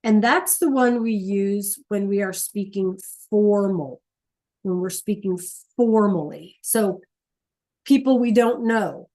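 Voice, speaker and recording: A woman teaches a Spanish class, explaining patiently, checking in with her students often and repeating key points slowly. She has a mid-range voice with a dark tone.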